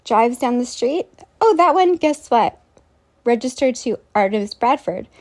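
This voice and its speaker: A woman's voice: on the high side, lively intonation, measured pace, a little mellow. A woman vlogger telling a long, rambling story straight to her viewers, sounding incredulous and scornful and often turning to ask them questions. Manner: rambling, incredulous, scornful, addresses the listener directly.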